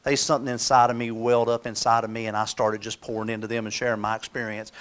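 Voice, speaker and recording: A middle-aged motivational speaker gives a live talk, spinning folksy stories and acting out the voices of the people in them. His voice is mid-range with fairly even intonation, and he talks fast with few pauses.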